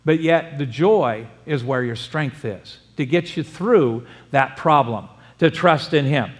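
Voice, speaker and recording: A man's voice: a little high, slow pace. A middle-aged pastor delivering a conversational sermon, asking his congregation for amens. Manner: conversational preaching with call-and-response amens. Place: church sanctuary. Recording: long church reverb.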